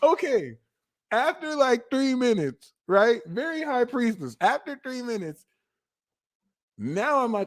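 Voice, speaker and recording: A young man doing a live tarot reading, telling stories in a casual, slangy way and now and then bursting into loud acted-out lines. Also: very high voice, slow pace. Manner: animated, slangy, swings into loud acted-out exclamations. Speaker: tarot reader.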